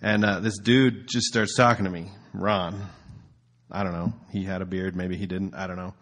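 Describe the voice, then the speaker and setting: A man's voice: low-pitched, fairly even intonation, normal speed, a bit bright. A man preaching casually as a pastor, telling a story in a loose, conversational way with filler words.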